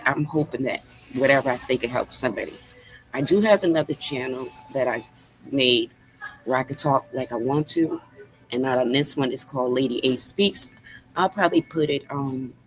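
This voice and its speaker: A woman's voice: very deep voice, poor audio. Emotional grandmother talking to her viewers. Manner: earnest, emotional, talks straight to the chat. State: voice trembles with emotion. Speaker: livestream host. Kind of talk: casual livestream chat to viewers. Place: fast-food restaurant.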